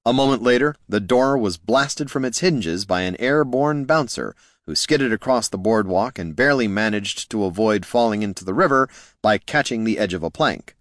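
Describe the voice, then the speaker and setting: Man narrating a storybook, low voice, lively wry delivery, dry close sound. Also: normal speed, dry recording. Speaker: audiobook narrator.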